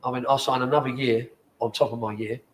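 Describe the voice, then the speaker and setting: A man's voice: medium pitch, fairly even intonation, fast, slight background noise. A man in his forties, a former footballer, telling rambling, sweary stories in a casual interview in a bar.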